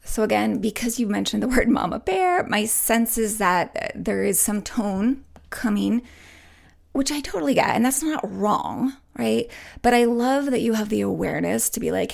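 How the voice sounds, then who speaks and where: A woman podcast host and relationship coach answering listener questions, speaking softly and reassuringly, often dropping to a whisper and checking in with "right?". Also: fairly high pitch, lively intonation, normal speed, creaky. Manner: soft, gentle, often drops to a whisper.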